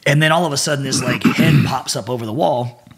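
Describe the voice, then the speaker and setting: A husky-voiced man in his forties, his pitch sitting right in the middle for a man. He tells a rowdy story in a loose, profane, animated way, breaking into laughter as he talks. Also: fast. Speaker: podcast guest. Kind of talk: casual storytelling.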